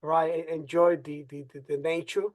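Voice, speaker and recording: A man with a Spanish-speaking accent hosts an online presentation over a video call. He talks in an animated, hype-building way and repeats his catchphrases. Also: fairly high pitch, normal speed, over a noisy crowd. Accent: Spanish-speaking accent in English. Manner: animated, hypey, repeats phrases. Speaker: co-host presenter. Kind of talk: casual webinar presentation.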